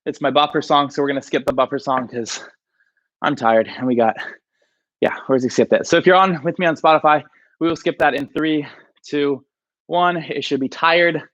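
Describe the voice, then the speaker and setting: A man's voice: a little high, moderate pace, a bit bright, muffled recording. A man leading a livestreamed yoga class, casually counting down poses while out of breath. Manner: counts down holds, casual and chatty. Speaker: yoga instructor. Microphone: livestream mic.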